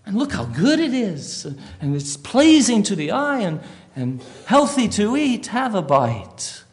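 A man voicing the serpent Satan as a smooth, persuasive tempter during a sermon. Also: sits high, very animated, a little slow, pitched above the performer's own voice, heavily acted. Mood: coaxing. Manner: coaxing, persuasive.

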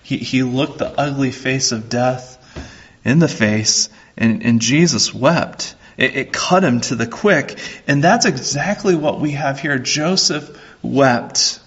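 A man preaching a sermon as a pastor, slow and earnest, repeating his phrases. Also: mid-range voice, fairly bright tone, husky, highs cut off.

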